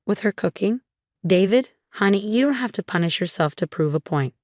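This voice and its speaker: A woman's voice: medium pitch, expressive, a little fast, darkish tone, no echo, studio quality, natural voice. A woman reading a scoffing, controlling mother-in-law. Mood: scornful. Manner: scoffing, condescending.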